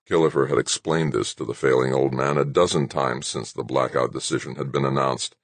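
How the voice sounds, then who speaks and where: A man narrates a novel in a measured, even read. His voice is very low with a husky grain, recorded close and dry with no room around it. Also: dry recording. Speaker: audiobook narrator. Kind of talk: scripted narration.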